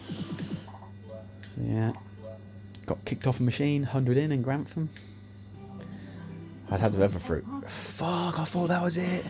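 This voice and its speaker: A man telling sweary, animated anecdotes while playing a slot machine, acting out what people said. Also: mid-range voice, measured pace, long pauses. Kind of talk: casual storytelling over gameplay. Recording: music playing behind the voice.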